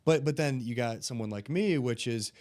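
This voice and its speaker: A man, a guest and life coach, talking in a casual conversation as an animated storyteller who swears casually. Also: mid-range voice, normal speed. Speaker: guest, life coach and former football player.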